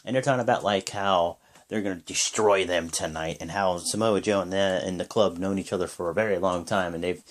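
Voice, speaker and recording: A young man giving a casual, rambling play-by-play recap of a wrestling show, jumping into high yells when he acts out the wrestlers' lines. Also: brisk. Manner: rambling with many fillers.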